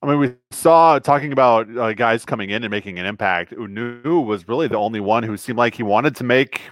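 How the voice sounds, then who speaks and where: A man's voice: mid-range voice, a little fast, dry recording. Hesitant man, dry close sound. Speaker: podcast co-host. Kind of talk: casual soccer chat.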